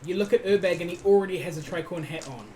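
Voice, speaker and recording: A man's voice: high voice, a crowd in the background. A man narrating as game master of a tabletop game, often restarting his sentences. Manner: quick, restarts mid-sentence. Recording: noisy live stream audio.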